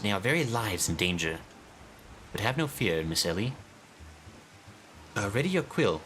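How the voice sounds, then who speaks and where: A man voicing a pompous young gentleman detective in a video game, speaking grandly and theatrically. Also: on the low side, a little hiss or hum, low-quality recording.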